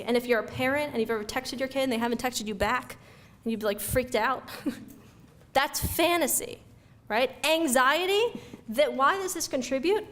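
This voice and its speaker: Energetic woman giving a lively talk. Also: a little high, slight background noise. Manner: energetic, conversational, acts out quoted reactions. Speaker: speaker giving a talk on youth mental health. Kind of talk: lively lecture to an audience. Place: event room before an audience.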